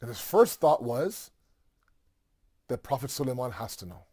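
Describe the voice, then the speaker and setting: A man's voice: mid-range voice, sing-song, moderate pace, darkish tone, breathy edge. Man, religious storyteller, casual talk, lots of asides and fillers. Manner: conversational, full of fillers and asides.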